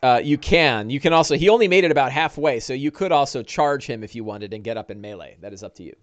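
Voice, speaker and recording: A man narrating as game master, describing combat and breaking into loud monster voices. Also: mid-range voice, quick pace. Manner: lively narration with shouted orc voices.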